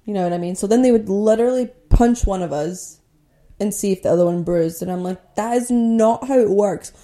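A woman's voice: on the low side, brisk, dark tone. A young woman from Scotland hosting a podcast, telling a personal story in a candid, conversational way with lots of "like" and "you know". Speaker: podcast host.

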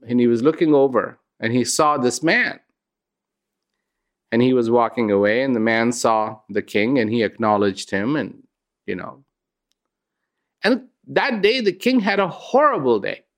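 A middle-aged man giving a reflective inspirational talk, unhurried and storytelling, with sudden lifts in pitch. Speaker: host, speaker.

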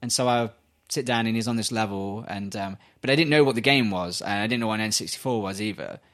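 A man's voice: on the low side, fast talker. Swearing British man telling stories. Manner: swearing, animated storytelling with acted-out voices. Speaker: podcast co-host. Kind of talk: casual chat.

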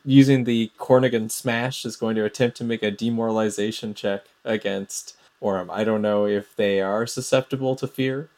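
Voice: medium pitch, fairly even intonation, moderate pace, hardly any pauses, a little mellow. A player in a tabletop role-playing game, enthusiastically describing attacks and working through the rules. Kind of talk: casual tabletop play.

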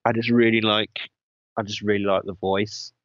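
A man in casual interview chat, talking hesitantly with many pauses and restarts. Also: on the low side, flat delivery, no room sound. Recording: dull dry lo-fi sound.

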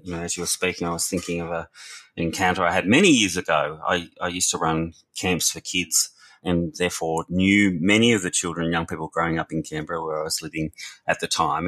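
A man's voice: low-pitched, bright, forceful tone. A man, a researcher and former youth worker, talking earnestly and reflectively in a podcast discussion, often restarting his words.

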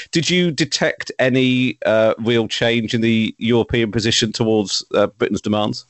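A man's voice: on the low side, normal speed, no room sound. A man hosting a podcast, asking long, conversational questions that wander before landing. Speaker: podcast host. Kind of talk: interview questions.

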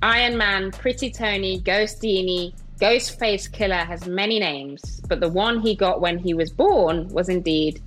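A woman's voice: mid-range voice, a little slow, few pauses, fairly bright tone, faint music behind, rough recording. A woman co-hosting a podcast, playing a quiz in casual chat with a playful, teasing manner. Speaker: podcast co-host, quiz contestant.

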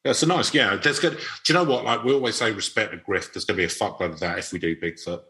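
Bright, bantering male podcast co-host. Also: fairly low pitch. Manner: quick-witted, bantering, laughs often. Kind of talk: casual chat.

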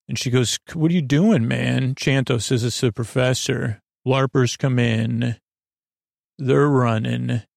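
A man retelling a TV episode as a sleepy bedtime story, meandering and halting, full of fillers and self-corrections. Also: medium pitch, gravelly, no echo, clean studio sound. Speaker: podcast narrator.

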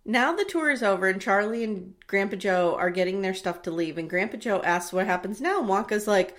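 A woman co-hosting a casual chat, retelling a movie with lively acted-out voices and frequent swearing. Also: mid-range voice, a little fast, few pauses. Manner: animated storyteller acting out movie scenes, swears freely. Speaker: podcast co-host.

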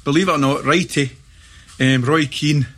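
A middle-aged man with a Scottish accent, a guest telling lively football and film stories in casual chat. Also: fairly high pitch, moderate pace, breathy edge. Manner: animated anecdotes with laughter and acted-out shouts.

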